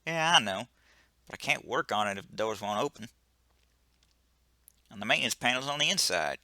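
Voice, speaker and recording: A man's voice: lowish voice, animated, moderate pace, sharp tone, dry recording, clean studio sound, exaggerated voice. A man voicing a laid-back, dismissive male ship engineer in a video game who brushes off every worry. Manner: breezy, brushes off worries.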